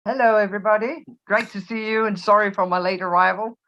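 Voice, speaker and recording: A woman's voice: mid-range voice, fairly even intonation, fast talker, a bit bright. A woman business consultant politely introducing herself on a video call and offering her help. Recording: dull lo-fi audio.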